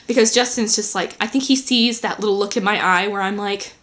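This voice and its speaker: A woman's voice: mid-range voice, a little fast, fairly bright tone. A woman rambles chattily to the camera in a home vlog. She drifts between thoughts and peppers her speech with fillers and asides. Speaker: vlogger.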